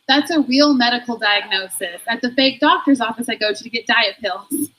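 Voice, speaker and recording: A woman's voice: fairly high pitch, brisk, bright, forceful tone, rough recording. A woman performing a stand-up comedy set, self-deprecating and laughing through her own jokes.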